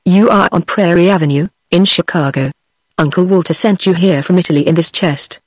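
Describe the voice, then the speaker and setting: A woman's voice: lowish voice, brisk, no room sound, close to an everyday voice. A woman with a British English accent, a synthetic voice, reading the lines of an earnest young girl in a storybook. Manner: earnest, reproving.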